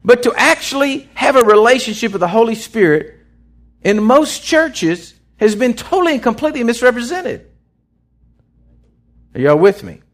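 A man's voice: very high-pitched, moderate pace. A man preaching an off-the-cuff sermon, acting out voices as he goes. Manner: animated, acts out voices in his storytelling. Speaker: pastor.

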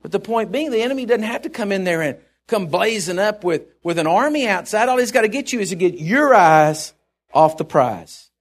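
A man's voice: sits high, animated, fairly quick. A middle-aged male pastor preaching a sermon, telling stories in a rambling, chuckling way with many restarts.

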